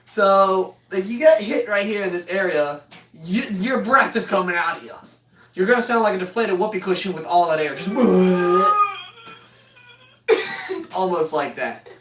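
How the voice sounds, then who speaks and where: A woman's voice: mid-range voice, lively intonation, moderate pace, fairly bright tone, a little hiss or hum. A woman telling a funny family story in casual chat, joking and laughing as she goes. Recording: echoey room, mic far off.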